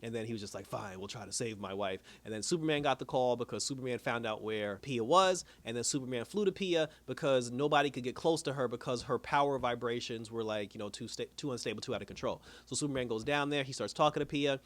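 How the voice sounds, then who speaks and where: A man's voice: mid-range voice, quick pace, few pauses, no room sound. A man giving a casual, slangy episode recap and review, laughing often as he retells scenes.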